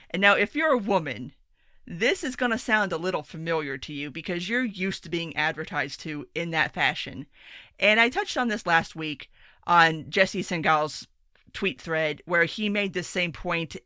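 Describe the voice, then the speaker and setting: A woman's voice: on the low side, bright, forceful tone, dry recording, studio quality. A woman hosting a solo commentary podcast, talking in a blunt, profane, rambling rant. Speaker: podcast host.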